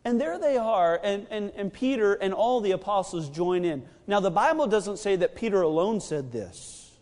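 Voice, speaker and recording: A man with a very high voice preaches a sermon, retelling the story with lively storytelling and acting out each character's words. His voice rings out in a hall with a long reverb. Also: normal speed, hardly any pauses.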